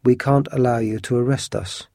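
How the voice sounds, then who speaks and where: A man voicing a cool, gracious and calm swordsman in a storybook reading. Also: mid-range voice, normal speed, gravelly, dry recording, clean studio sound, close to an everyday voice.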